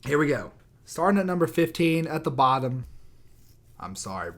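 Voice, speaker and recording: A man's voice: a little high, sing-song, normal speed, fairly bright tone. A young man on his own microphone, ranting in a heated, sarcastic way with lots of swearing. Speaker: YouTuber. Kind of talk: profane rant. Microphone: new microphone.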